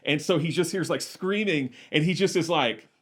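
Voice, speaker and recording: A man co-hosting a podcast, chatting casually about a film, retelling scenes with animation and breaking into laughter, with halting restarts while he recalls facts. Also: a little high, a bit bright, husky. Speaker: podcast co-host. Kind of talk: casual movie discussion.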